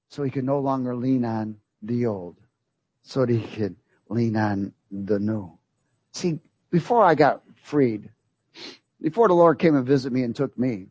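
Male preacher, fairly high husky voice, dry close sound; emphatic sermon delivery with repeated lines and call-outs to the congregation. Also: no room sound. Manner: emphatic, rhetorical questions to the congregation.

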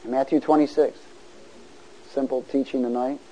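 A man preaching a sermon, asking the congregation to answer and building to loud exhortation. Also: mid-range voice, fairly even intonation, normal speed, a little hiss or hum, rough recording. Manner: call-and-response, rising to loud exhortation.

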